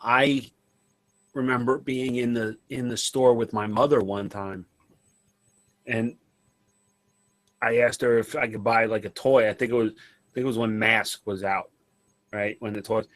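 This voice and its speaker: A man co-hosting a casual radio show, telling childhood stories in an animated way and acting out the people in them. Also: lowish voice, a little slow, long pauses, dry recording. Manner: animated, acts out quoted voices. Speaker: podcast co-host.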